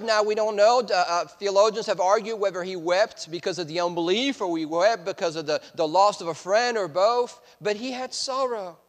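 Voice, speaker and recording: A man preaching a sermon as guest preacher, teaching with word origins and letting his voice sink low and soft at the ends of phrases. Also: in a large hall. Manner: teaching, explains Greek and Latin words. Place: church sanctuary.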